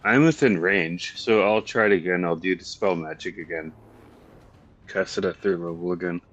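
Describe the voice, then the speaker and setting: A man's voice: low voice, normal speed, a bit bright. A man playing a tabletop game, hesitant and thinking aloud as he decides his move. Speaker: player. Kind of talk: casual tabletop play.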